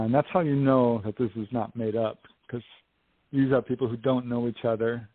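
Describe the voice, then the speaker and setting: A man as an interview guest telling a story in a casual, animated way, acting out what people said, over a dry phone line. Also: medium pitch, no room sound. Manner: animated storyteller, acts out quotes. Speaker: guest, UFO investigator and author.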